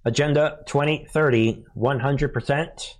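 A man's voice: mid-range voice, fairly even intonation, unhurried. A man hosting a casual political commentary show, sarcastic and laughing often as he reacts to headlines. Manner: sarcastic, laughs often, mocking put-on voices.

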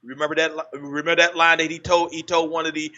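A man hosting a casual political chat, halting with frequent restarts. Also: on the high side, level tone, pushed and bright. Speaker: podcast host. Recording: muffled lo-fi audio.

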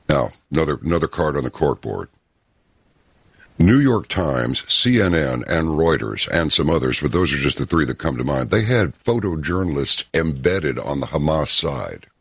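A man talking as a guest in an interview, telling stories in an emphatic, deliberate way. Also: extremely low pitch, a bit bright, breathy edge, dry recording, studio quality. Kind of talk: casual interview talk.

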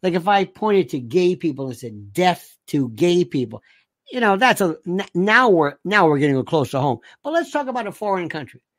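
Woman ranting on a livestream, fired up, reading chat out loud. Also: lowish voice, moderate pace. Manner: animated, ranting, reads chat aloud. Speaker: livestream host. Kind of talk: casual livestream monologue.

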